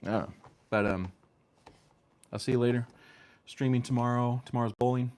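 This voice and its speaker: A man's voice: medium pitch, steady tone, a little fast, a little mellow. A man streaming from home, chatting casually in a rambling, hesitant way with lots of ums and restarts. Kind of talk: casual chat. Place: home room with fan and lights.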